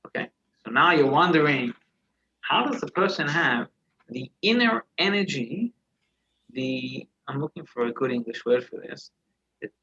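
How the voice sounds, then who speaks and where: A man's voice: a little high, sing-song, a little slow, pauses often, sharp tone, husky, muffled recording. A man, a rabbi, telling a story in a conversational Torah class, searching for words and restarting his phrases as he goes.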